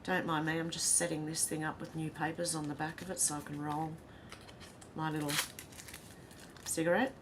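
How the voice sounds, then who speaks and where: A woman with an Australian accent chats casually through a livestream, reading out viewer comments. Her voice sits on the low side and she laughs easily. A faint hum and rumble run under the recording. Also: level tone, moderate pace, pauses often. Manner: chatty, laughs easily, reads comments aloud. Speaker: livestream host reading chat. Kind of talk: casual chat.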